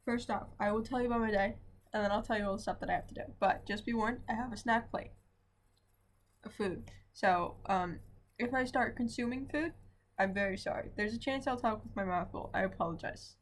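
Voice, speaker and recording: A woman's voice: medium pitch, fairly quick. A young adult woman, a student, telling a casual diary vlog from home in a rambling, chatty way that keeps asking "right?". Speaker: vlogger, student.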